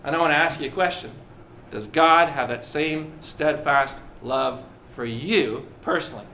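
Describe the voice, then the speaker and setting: A pastor preaching a lively sermon to his congregation, drawing out key words slowly and joking with the listeners. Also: fairly high pitch, a little hiss or hum.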